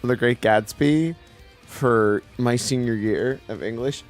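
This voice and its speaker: A man co-hosting a casual gaming chat, profane and prone to loud yelling outbursts. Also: medium pitch, measured pace, faint music behind. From Washington state. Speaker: co-host.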